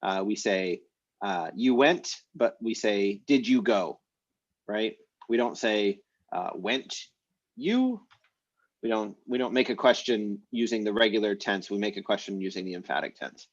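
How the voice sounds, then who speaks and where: A man's voice: on the low side, steady tone, normal speed, dry recording, lo-fi sound. A man teaching an online language class, explaining grammar in a casual way with many fillers.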